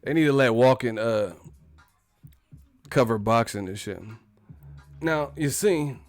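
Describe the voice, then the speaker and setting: Slow-talking rambling man, laughing. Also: mid-range voice, no echo, faint music behind. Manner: rambling, profane, laughs often. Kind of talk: casual livestream chat.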